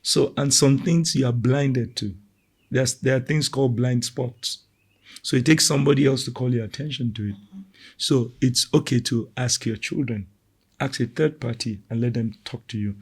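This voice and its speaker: A middle-aged man talking casually about parenting, animated and quick to act out the voices of the people he quotes. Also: mid-range voice, slightly rough. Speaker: parenting podcast co-host. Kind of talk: casual conversational talk.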